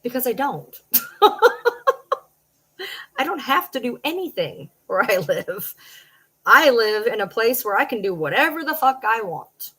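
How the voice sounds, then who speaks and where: Her voice sits on the high side, swinging widely in pitch at a normal speed, bright and forceful with a breathy edge. A social media personality of around forty from downriver Detroit, Michigan, she speaks with a Michigan accent, addressing late-night livestream viewers bluntly and with lots of cursing. The recording is low quality.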